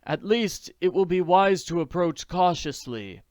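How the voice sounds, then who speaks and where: A man's voice: high-pitched, animated, unhurried, darkish tone, no echo, clean studio sound, pitched above the performer's own voice. A man voicing a determined young girl detective. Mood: resolute. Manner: urgent, resolute, earnest. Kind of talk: audiobook character voice.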